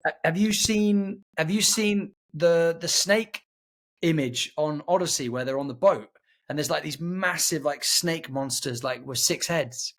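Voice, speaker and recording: A man co-hosting a podcast, excitable and stumbling over words as he talks about films. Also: fairly high pitch, unhurried. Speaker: podcast co-host. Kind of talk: casual film chat.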